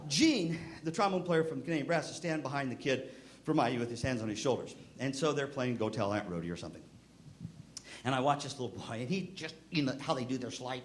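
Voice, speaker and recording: A man's voice: fast, a little hiss or hum. An older man giving a humorous storytelling talk to band directors, acting out the people in his stories with big jumps in his voice. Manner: lively anecdotal delivery, acting out quoted voices with pitch jumps. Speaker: band music clinician speaking to band directors.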